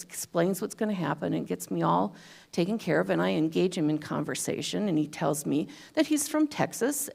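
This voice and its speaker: A woman's voice: lowish voice, gravelly, darkish tone. A woman giving a talk at a spiritual center, telling a personal story in a chatty way with self-deprecating humor. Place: church hall.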